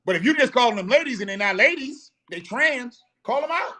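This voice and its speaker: A man's voice: very high voice, expressive, a little fast, pushed and bright. Blunt, profane man ranting on a live stream. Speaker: host of a live show.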